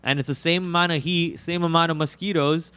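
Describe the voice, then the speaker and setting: Smooth-voiced man calling live trades. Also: a little high, fairly even intonation, sharp tone. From India. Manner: rapid ticker-and-price calls, casual filler words. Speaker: day trader and live stream host. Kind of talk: live trading commentary.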